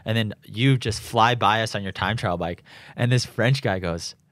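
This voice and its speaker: In a casual interview at home in Boulder, this young man, a professional triathlete, wanders through his answers with many restarts and fillers and laughs at his own anecdotes. He has a lowish, slightly bright voice at a moderate pace. The recording is studio quality with no room sound.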